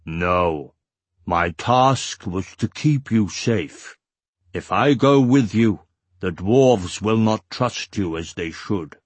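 A man voicing a bulky male monster warrior who speaks slowly, solemnly and formally in a husky voice. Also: fairly low pitch, expressive, no echo, full character voice. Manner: slow, solemn, formal speech.

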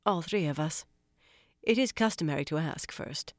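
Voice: moderate pace, no room sound, studio quality, lightly acted. A reader doing a proud, insistent young noblewoman. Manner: insistent, earnest, raised pitch.

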